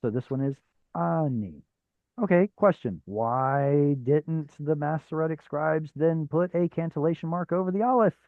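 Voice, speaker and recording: A patient man leads a live online class, explaining slowly and stopping often on fillers. His voice comes through a narrow, phone-like video call line. The sound is dry, with no room around it. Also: a little high, dry recording. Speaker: Hebrew teacher.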